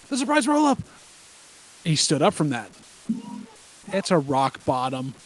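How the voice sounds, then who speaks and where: A man's voice: on the high side, sing-song, a little slow, slight background noise. A man co-hosting a podcast, chatting casually and joking wryly while reacting live to a broadcast. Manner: wry, joking, tells anecdotes. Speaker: podcast co-host.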